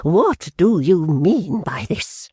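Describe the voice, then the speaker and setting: A reader voicing a proud, touchy elderly gentleman, pompous and slow, stalling on "ah" between stern phrases in a storybook reading. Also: medium pitch, sing-song, dry recording, clean studio sound, voice pushed up, heavily acted. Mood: furious. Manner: pompous, hesitant "ah" fillers, slow stern speech.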